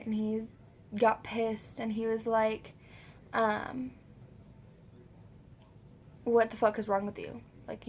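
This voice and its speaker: A young woman telling a storytime, casual and full of "like" and swearing, acting out what others said. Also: fairly high pitch. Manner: swears freely, lots of "like". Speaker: vlogger.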